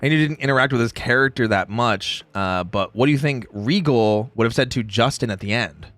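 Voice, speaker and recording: A man's voice: medium pitch, fairly quick, fairly bright tone, no echo, faint music behind. A man chatting casually on a livestream, ranting with lots of swearing and frequent laughter. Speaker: streamer.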